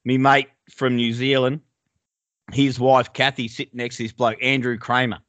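An Australian man with a bright, forceful voice and dry, close sound, bantering bluntly and swearing freely. He tells his yarns in a relaxed, joking way. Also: mid-range voice, normal speed, dry recording. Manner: blunt, sweary banter full of mate and bloke. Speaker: podcast host. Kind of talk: casual chat.

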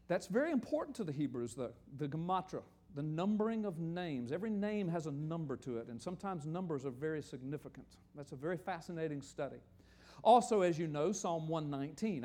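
A man's voice: sits high, darkish tone. A man preaching a sermon with slides, explaining in a conversational way to a congregation in a church hall.

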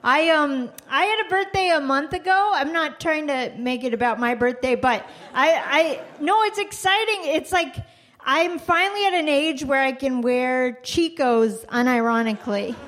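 A woman does a stand-up set, poking fun at herself in a halting way and restarting her sentences often. Her voice is high and light. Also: a bit bright. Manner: halting, self-deprecating, with many restarts. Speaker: stand-up comedian guest. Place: live comedy show before an audience.

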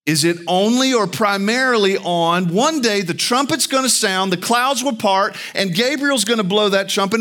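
A man preaching a sermon as pastor, emphatic, with rhetorical questions to the congregation. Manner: animated preaching with big pitch swings, slow and emphatic.

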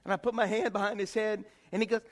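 A man preaching a sermon, telling stories excitedly and swinging from soft talk to shouts. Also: high voice, fast talker. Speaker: pastor.

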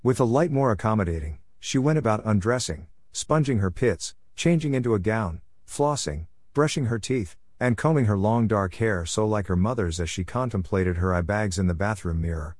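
A man narrating a novel in a measured, descriptive storytelling manner. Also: lowish voice, lively intonation, darkish tone, no echo, studio quality. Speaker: audiobook narrator. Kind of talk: scripted narration.

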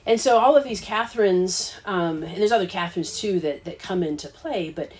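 A woman with a Midwestern American accent whose voice sits a little low for a woman. She explains things earnestly in a relaxed conversational way, dotting her speech with ums and uhs. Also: moderate pace. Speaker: college co-founder. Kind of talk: casual conversation.

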